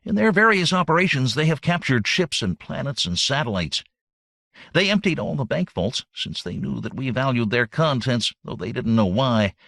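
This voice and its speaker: A man voicing a businesslike young male robot son with a quick, factual delivery. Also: medium pitch, big pitch swings, vocal fry, a bit bright, dry recording, studio quality, full character voice.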